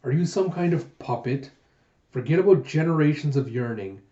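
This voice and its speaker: A man's voice: a little high, animated, normal speed, mellow, echoey room, dull audio, close to an everyday voice. A man voicing a flippant, proud young dragon warrior with a breezy, sardonic manner while reading a manga aloud.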